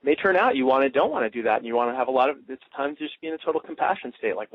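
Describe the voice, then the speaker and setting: A man's voice: medium pitch, animated, racing, few pauses, no echo. Man teaching coaching over a tinny line. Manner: loose and demonstrative, acting out coach lines. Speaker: coaching trainer. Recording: tinny dry phone line.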